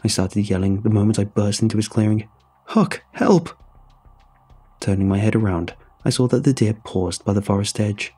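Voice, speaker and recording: A man narrating a horror story in a measured, grave scripted read over soft background music. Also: on the low side, husky.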